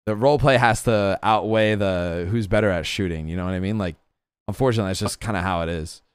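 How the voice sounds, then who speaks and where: A man's voice: fairly low pitch, quick pace, clean tone, no room sound. A young man chatting casually as a guest, rambling with lots of fillers and casual swearing. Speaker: guest streamer. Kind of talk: casual chat about roleplay gaming.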